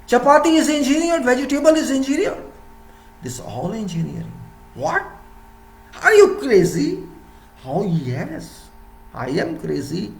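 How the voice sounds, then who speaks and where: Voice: mid-range voice, vocal fry, roomy sound. An engineering lecturer in a rambling, playful monologue who asks rhetorical questions and answers them.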